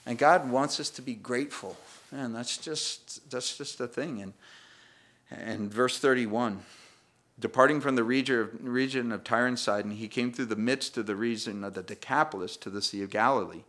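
Bright-voiced male pastor, chatty and playful. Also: mid-range voice, moderate pace. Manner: conversational, self-deprecating, acts out voices with humor. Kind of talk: sermon. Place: church.

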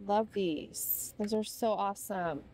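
A woman's voice: medium pitch, slow pace, darkish tone, slight background noise. Gushing young woman shopping vlogger. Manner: gushing, gasping with delight. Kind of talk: store walk-through vlog. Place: inside a large retail store.

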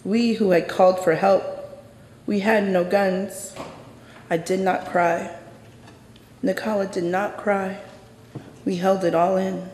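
A storyteller performing a true personal story live on stage, intense and measured, going hushed in the quiet moments. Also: mid-range voice, little pitch movement, slight background noise. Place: stage in a large hall. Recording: roomy hall with long reverb.

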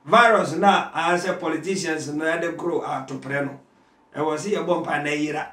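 A man with a Ghanaian accent, speaking as a prophet guest who prays and preaches in an interview, at times shouting. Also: a little high, moderate pace, echoey room, recorded from a distance.

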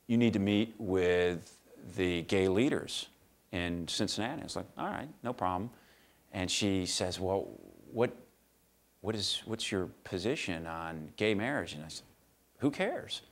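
Animated man telling campaign stories. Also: fairly low pitch, vocal fry. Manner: animated, acts out both sides of conversations; casual, blunt, laughs while telling stories. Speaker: guest speaker at a law school. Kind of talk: storytelling talk. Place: lecture hall.

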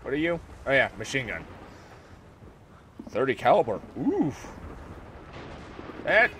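An American man giving casual joking commentary over a war strategy game, talking to his soldiers and sometimes yelling at them. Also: mid-range voice, wildly swooping pitch, slow pace, a little hiss or hum. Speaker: gameplay commentator. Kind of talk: casual let's-play commentary.

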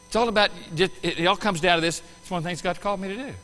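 High, bright-voiced preaching man. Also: very fast, long reverb tail, poor audio. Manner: animated preaching with sudden loud bursts and quiet asides. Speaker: pastor. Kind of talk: sermon. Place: church sanctuary.

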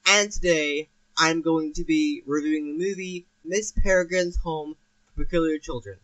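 A young man with a slightly higher voice reviews a movie in a loose, unscripted monologue. He keeps restarting his sentences and leaning on fillers as he goes. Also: steady tone, normal speed, a little mellow, lo-fi sound. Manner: rambling, many restarts and fillers. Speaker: film review host. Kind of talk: casual film review monologue.

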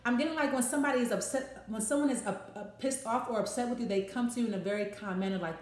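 A woman's voice: on the high side, fast talker, few pauses, darkish tone, roomy sound. A woman giving a casual tarot reading, talking freely, swearing and restarting her phrases. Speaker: tarot reader.

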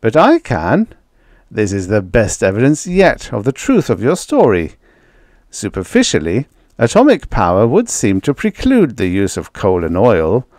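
A hearty, self-assured rich industrialist, as a man reading the story puts him on, loud and lively. He booms with a lively lilt, in a dry close recording. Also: a little slow, no room sound. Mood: lecturing. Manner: booming, jovial, self-assured.

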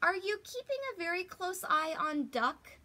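A woman's voice: very high-pitched, expressive, unhurried, bright, forceful tone, voice pushed up, exaggerated voice. A woman voicing a stern male farmer giving orders over the phone in a children's storybook. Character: grumpy man farmer checking in.

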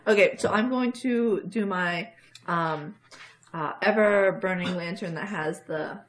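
A woman's voice: fairly low pitch, measured pace, slight background noise. A woman playing a tabletop game, hesitant with many ums as she works out her moves. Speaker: player.

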